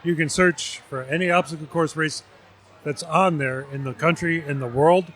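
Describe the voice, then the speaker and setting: Man from New Jersey, slightly high voice, measured vendor pitch. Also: fairly even intonation, a bit bright. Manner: measured, explanatory. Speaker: vendor representative. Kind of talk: casual interview.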